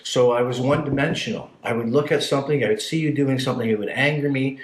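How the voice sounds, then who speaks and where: A Canadian man appearing as a podcast guest tells his life story in blunt, profane, casual talk, acting out voices in his stories. His mid-range voice moves fast, and the room sounds echoey.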